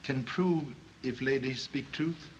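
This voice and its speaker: A man playing a calm, wise middle-aged detective who talks in clipped, proverb-like broken English, in a 1930s film. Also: medium pitch, slow pace, slight background noise, close to an everyday voice. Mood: measured. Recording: dull old film soundtrack.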